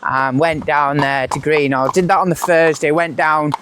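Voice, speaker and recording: Lively man telling racing tales. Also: on the high side, moderate pace. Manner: lively, animated anecdotes, acts out other people's lines. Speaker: retired jockey, guest. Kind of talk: casual storytelling chat. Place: outdoors, riding out on horseback. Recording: outdoor recording with clear background noise.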